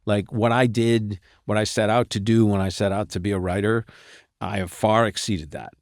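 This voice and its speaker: A middle-aged man, talking as a writer guest in a relaxed, wry interview, laughing often as he tells stories. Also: on the low side, normal speed, no room sound, studio quality. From Boston. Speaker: novelist and screenwriter guest.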